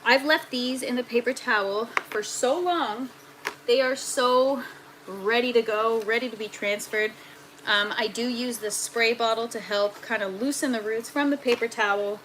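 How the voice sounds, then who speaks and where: A woman's voice: a little high, normal speed, a bit bright, slight background noise, poor audio. A woman, hosting a casual gardening livestream from her indoor grow tent and chatting with viewers as she works. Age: 30s. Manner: chatty, talks to viewers and reads their comments aloud. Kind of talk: casual live-stream chat.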